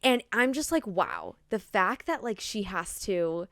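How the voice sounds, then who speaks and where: A woman's voice: mid-range voice, measured pace, no room sound, studio quality. A young woman co-hosting a podcast, chatting eagerly about a novel and agreeing with her co-host. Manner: eager agreeing, animated retellings. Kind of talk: casual book chat.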